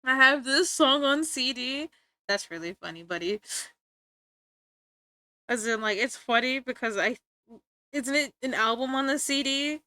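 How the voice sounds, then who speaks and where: A young woman livestreamer chatting casually to her viewers, giggly and rambling, with sudden bursts of excitement. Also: high-pitched, a little slow, long pauses, no room sound. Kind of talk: casual stream chat.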